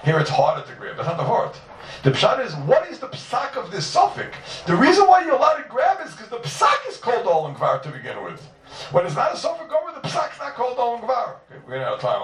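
Male Talmud teacher, lively sing-song delivery, gravelly tone, roomy room sound from a distance. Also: mid-range voice, background noise. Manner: animated, sing-song, stresses key words. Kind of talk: yeshiva-style Talmud lecture. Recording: roomy, from far off.

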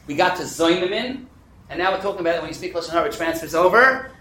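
High, rapid-fire male class teacher. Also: echoey room, slight background noise, poor audio. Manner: animated and quick, fields questions, drops in Hebrew and Yiddish terms. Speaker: teacher leading a Talmud class. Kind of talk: interactive class lecture.

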